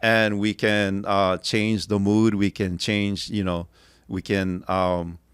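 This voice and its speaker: A man's voice: on the low side, little pitch movement, slow, fairly bright tone, clean tone, dry recording, clean studio sound. A middle-aged man from Kaua'i, talking as a podcast guest in an emphatic, opinionated way. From Kaua'i, Hawaii. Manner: emphatic, opinionated, acts out quotes. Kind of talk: casual interview chat.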